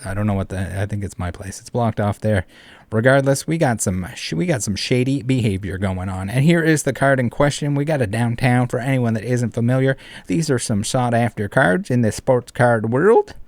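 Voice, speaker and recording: Guy ranting on his channel, swears a lot, mid pitch, dry close sound. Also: darkish tone, no echo. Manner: indignant, profane, emphatic. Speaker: commentary channel host. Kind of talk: online commentary rant.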